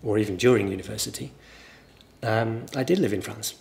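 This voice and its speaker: A man with a mild northern English accent, a teacher giving a relaxed guest interview and telling stories thoughtfully at length. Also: fairly low pitch, fairly quick, creaky. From northern England. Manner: thoughtful, anecdotal, explains at length.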